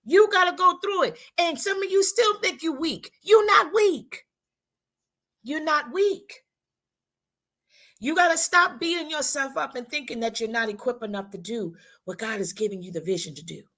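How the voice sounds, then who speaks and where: A woman's voice: high voice, a little fast, few pauses, bright, forceful tone. A woman co-hosting a women's talk show, giving a preacherly motivational talk with speech, repeating her lines and acting out how people talk.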